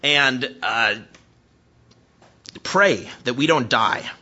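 A man in his thirties preaching a sermon as a pastor, animated and emphatic, at times close to shouting, then dropping to a hushed, slow voice for prayer. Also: medium pitch, highs cut off.

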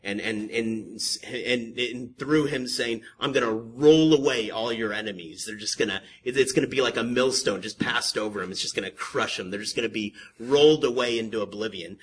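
A man pastor preaching a sermon to his congregation, moving from calm teaching to impassioned, emphatic questioning, with joking asides to the congregation. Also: medium pitch, breathy edge. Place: church sanctuary with a congregation.

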